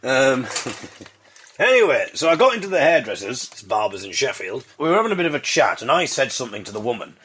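A man's voice: medium pitch, sing-song, fairly quick, a bit bright, slight background noise. A man hosting his own podcast, telling comic stories in a wry, self-mocking way and slipping in puns. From Britain. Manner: fond of puns. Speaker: podcast host. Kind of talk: comic monologue.

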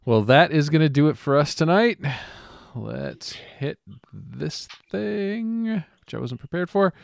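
A man's voice: fairly high pitch, expressive, takes it slowly, vocal fry, no echo, studio quality. A man playing a tabletop game and hosting the show, playful and laughing often. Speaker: player and show host. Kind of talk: casual tabletop game play.

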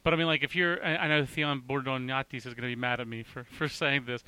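Male host, bright and excitable, quick with restarts, dry close-mic sound. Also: medium pitch, clear, resonant tone, no room sound. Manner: excitable, rapid, full of restarts. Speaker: baseball podcast host. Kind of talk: casual sports chat.

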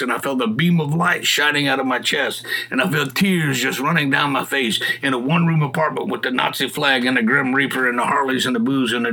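A man's voice: medium pitch, husky. A middle-aged man earnestly telling a personal testimony in a folksy storyteller's way. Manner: earnest, folksy storyteller, rising to shouted appeals. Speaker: guest telling his testimony.

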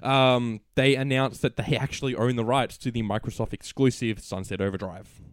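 A man's voice: mid-range voice, steady tone, moderate pace, dry recording, studio quality. A young Australian man hosting a casual gaming podcast, laid-back and joking. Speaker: podcast host.

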